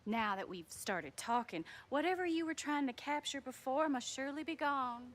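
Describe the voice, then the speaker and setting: A woman's voice: high voice, animated, moderate pace. An actress voicing an aloof, theatrical young woman stranger with an affected, odd-accented delivery, in video game dialogue. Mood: mannered.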